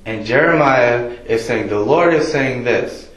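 A man delivers a sermon in a loose, conversational manner, pausing often with ums and uhs. His voice sits at an ordinary middle pitch. The room around him rings with echo. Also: a bit bright. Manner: casual, conversational preaching with many fillers. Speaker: preacher. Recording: echoey room.

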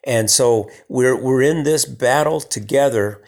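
A man's voice: medium pitch, measured pace. Man preaching a conversational sermon. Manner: conversational, with emphatic swells and hushed soft passages.

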